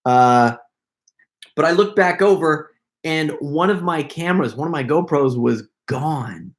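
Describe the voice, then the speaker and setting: A middle-aged man hosting a casual live Q&A, telling stories in an excitable, rambling way full of quick asides. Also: a little high. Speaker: prank video creator hosting a live Q&A. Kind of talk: casual livestream chat.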